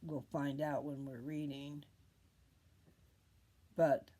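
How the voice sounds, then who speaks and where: An older woman hosting a casual scripture talk, rambling, pausing often and drifting into whispers. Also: deep voice, vocal fry, mellow, breathy edge. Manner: rambling, pauses often, loses her train of thought. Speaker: video host reading scripture.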